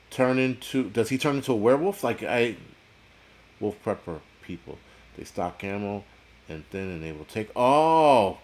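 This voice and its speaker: A man hosting a casual livestream, reading viewer chat and ranting bluntly, with constant swearing and rambling asides. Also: medium pitch. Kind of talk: casual profane livestream rant.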